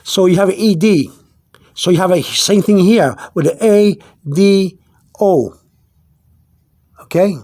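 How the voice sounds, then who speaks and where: A man teaching vocabulary in an unscripted video lesson, halting, repeating himself and filling pauses, slowing down to spell out words. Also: high-pitched, warm tone. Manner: searches aloud through his notes. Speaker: language teacher.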